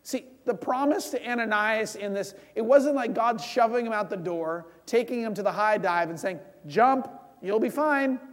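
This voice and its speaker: A man's voice: high-pitched, moderate pace, hardly any pauses, in a large hall. A man preaching a sermon to a congregation, in a conversational style, leading prayer and acting out bits of dialogue.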